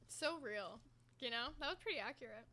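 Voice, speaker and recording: A woman's voice: a little high, expressive, fairly quick, pushed and bright. A woman hosting a commentary stream, blunt and mocking, swearing freely. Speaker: host.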